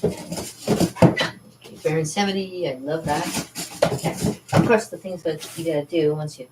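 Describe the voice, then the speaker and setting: A chatty woman painter talks her way around her art studio, rambling cheerfully and laughing often. Her voice sits a little low and reaches the mic from across the room. The room rings with a roomy echo. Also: steady tone, a little slow, recorded from a distance, heavy background noise. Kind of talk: casual studio vlog. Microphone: camera mic, moving around the room.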